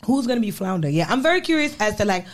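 A woman co-hosting a casual chat, animated and slangy, repeating her points for emphasis. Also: medium pitch, fast talker. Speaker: co-host.

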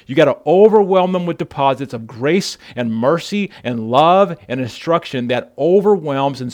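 A man preaching a sermon as pastor, speaking straight to the listener, often repeating words and building to loud, passionate appeals. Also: medium pitch. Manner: speaks directly to the listener as brother.

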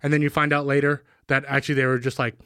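Guy riffing fast w crude deadpan jokes, dry close mic. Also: mid-range voice, dry recording. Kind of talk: casual banter.

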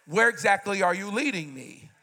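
High, bright-voiced pastor in his fifties. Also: moderate pace. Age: 50s. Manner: animated preaching, swinging from loud bursts to quiet asides. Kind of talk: sermon.

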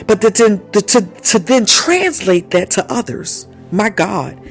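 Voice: mid-range voice, big pitch swings, takes it slowly, hardly any pauses. A prayer leader fervently interceding, repeating invocations, breaking into tongues and speaking prophetic words over one listener. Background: faint music.

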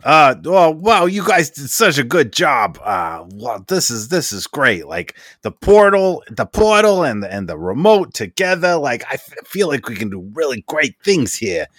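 A man voicing an excitable, rambling male inventor who stammers as he talks. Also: medium pitch, a little slow, hardly any pauses, no echo, studio quality, pitched above the performer's own voice. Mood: excited, eager. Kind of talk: voicing a character in a tabletop game.

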